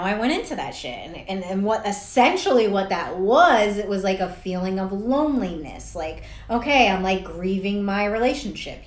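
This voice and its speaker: A young woman talks casually to camera as a life coach, blunt and chatty, swearing freely and laughing at her own stories. Her voice sits at an ordinary pitch. The room gives it a noticeable echo. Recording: roomy echo.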